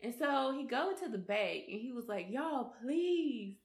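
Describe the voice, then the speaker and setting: A woman's voice: a little high, a little fast, reverberant. A woman with a Southern US accent co-hosting a podcast, telling stories in casual chat and laughing often. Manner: expressive storyteller, laughs often. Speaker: podcast co-host.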